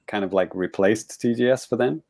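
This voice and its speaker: A man hosts a casual gaming podcast in a fairly low voice. He sounds laid-back, chuckles often and lets his sentences trail off quietly. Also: a little fast, creaky. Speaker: podcast host.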